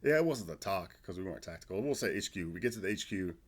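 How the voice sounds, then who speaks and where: A man's voice: deep voice, lively intonation, quick pace. A man in his forties, an army veteran guest, telling stories in loose, profane, casual podcast chat. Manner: loose, profane storytelling with restarts.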